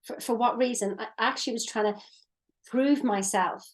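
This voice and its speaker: A woman's voice: fairly high pitch, normal speed. A woman in her fifties co-hosting a casual chat as a mindset coach over a video call, talking in a reflective, hesitant way. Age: 50s. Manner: reflective, hesitant, with fillers and restarts.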